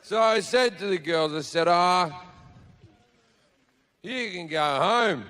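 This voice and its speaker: A man's voice: high voice, expressive, slow, a bit bright, smooth. A man telling a stand-up comedy story to a laughing audience in a brash, profane, self-mocking way.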